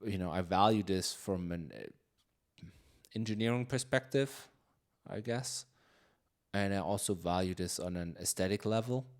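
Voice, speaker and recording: A man's voice: low voice, measured pace. A man live-coding on a stream, chatting casually and thinking aloud with many fillers and restarts. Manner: reads chat questions aloud.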